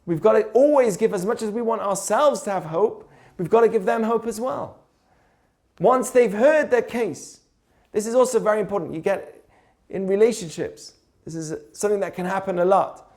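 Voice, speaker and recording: Male teacher, higher-pitched voice, casual storytelling lesson that keeps asking the listener questions. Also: moderate pace, a little mellow. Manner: conversational, asks rhetorical questions, tells stories. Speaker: teacher of Jewish ethics. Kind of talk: informal teaching talk.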